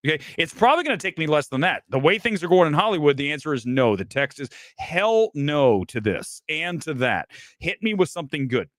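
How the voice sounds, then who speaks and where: A man's voice: fairly high pitch, sing-song, brisk, a bit bright, no echo. Brash, self-assured man reviewing movies. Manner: brash, emphatic, self-assured, rhetorical asides. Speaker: movie review show host. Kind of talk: opinionated live movie review monologue.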